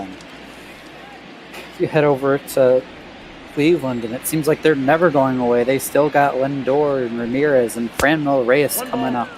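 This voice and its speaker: A man from Michigan giving easygoing color commentary on a baseball game, analytical and relaxed. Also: medium pitch. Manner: easygoing, analytical, lists player names. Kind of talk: casual sports commentary. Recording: clear background noise.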